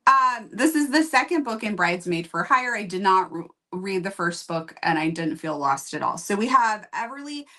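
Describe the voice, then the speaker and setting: A woman's voice: medium pitch, animated, normal speed, hardly any pauses, bright, forceful tone. A woman hosting a book review show, chatting casually and candidly, with rambling asides. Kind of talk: casual chat.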